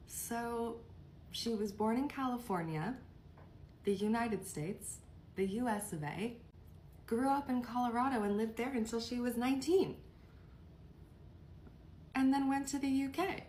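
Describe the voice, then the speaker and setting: A woman's voice: fairly high pitch, expressive, unhurried, long pauses, a little mellow, a little hiss or hum. Chatty woman telling a story. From United Kingdom. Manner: chatty, gossipy delivery. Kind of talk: casual storytime.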